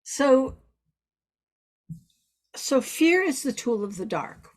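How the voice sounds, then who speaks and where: A woman's voice: sits high, big pitch swings, slow pace. A woman spiritual teacher giving an earnest, repetitive teaching talk, weaving in personal stories.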